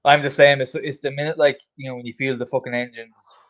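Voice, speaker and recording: A man's voice: medium pitch, little pitch movement, fast talker, fairly bright tone. Man, podcast co-host, casual, crude jokes, emphatic repeats. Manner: joking, profane, emphatic repetition. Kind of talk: casual chat.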